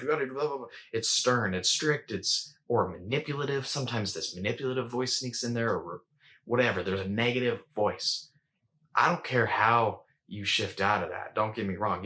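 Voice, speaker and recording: A man's voice: fairly low pitch, pushed and bright. A man hosting a casual coaching talk, conversational and repetitive, often checking in with "right?". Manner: conversational, repeats words and rhetorical "right?". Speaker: host.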